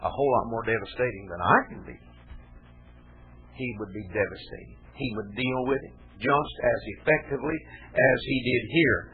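A man's voice: mid-range voice, normal speed, husky. A man giving a conversational, verse-by-verse Bible teaching, emphatic and repeating his key phrases. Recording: tinny phone-like audio.

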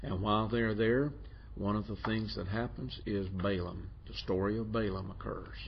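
A man teaching a Bible class, talking haltingly with many repeated words and putting questions to his students. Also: fairly low pitch, steady tone, gravelly, lo-fi sound, a little hiss or hum. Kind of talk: classroom lecture.

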